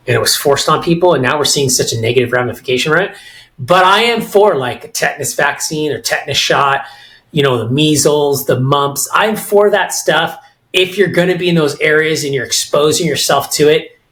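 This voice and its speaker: A man's voice: a little high, low-quality recording. Opinionated middle-aged American man. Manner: opinionated, animated, frequent restarts. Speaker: podcast co-host. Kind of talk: casual podcast discussion.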